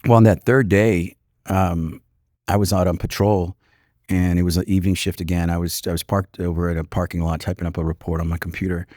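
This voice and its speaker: A man in his fifties with a deep, low voice recounts a personal story as a podcast guest. He speaks in an earnest, reflective way, often pausing with "you know." The recording sounds close and dry, with no room echo. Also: little pitch movement, a little mellow. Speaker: podcast guest, retired police commander.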